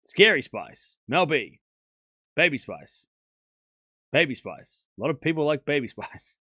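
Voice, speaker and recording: A man's voice: fairly high pitch, sing-song, unhurried, sharp tone, breathy edge, no room sound, studio quality. A man hosting a live tennis watchalong stream, mixing casual play-by-play with joking banter and frequent laughs. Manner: chatty, joking, laughs often, argues playfully with chat.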